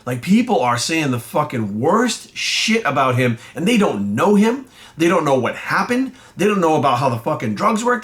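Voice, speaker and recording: This man's voice is on the high side with a fairly bright tone. A bodybuilding coach and vlogger, he unleashes a blunt, angry rant to camera, full of swearing and escalating rage.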